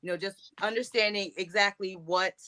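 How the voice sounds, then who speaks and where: A woman speaking earnestly about her own experience in a candid discussion, often pausing with "you know". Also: mid-range voice, fairly even intonation, pushed and bright.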